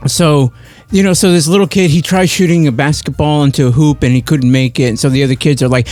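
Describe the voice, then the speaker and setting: Animated man telling a comedy bit. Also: fairly high pitch, fast, few pauses, soft background music. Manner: animated storyteller, acts out bits. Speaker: podcast co-host. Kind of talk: casual banter and storytelling.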